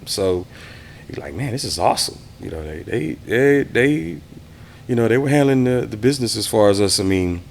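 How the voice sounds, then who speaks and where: A man in his fifties from the Houston area, telling relaxed stories as an interview guest and acting out what people said. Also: medium pitch, brisk. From Houston area, Texas. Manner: relaxed, reminiscing, acts out quoted voices. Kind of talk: casual interview storytelling.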